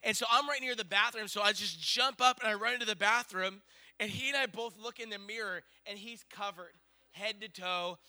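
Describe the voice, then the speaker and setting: A man in his thirties telling a long personal story in a sermon, rambling and animated, full of fillers. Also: high voice, a little fast.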